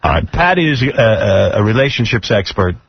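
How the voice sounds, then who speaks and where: A man's voice: on the low side, lively intonation, normal speed, gravelly, crowd noise. Blunt, teasing male radio host. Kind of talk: radio talk show. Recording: dull lo-fi radio broadcast.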